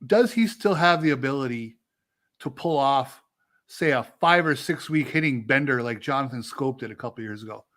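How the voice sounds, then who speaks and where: A man's voice: medium pitch, moderate pace, fairly bright tone. A man co-hosting a sports podcast, thinking aloud and asking questions in a casual way. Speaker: podcast co-host.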